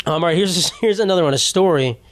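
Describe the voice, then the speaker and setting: A young man in his twenties hosts a podcast, talking fast in a high-pitched voice with no room sound. He delivers a rambling, profane comedic monologue, restarting often.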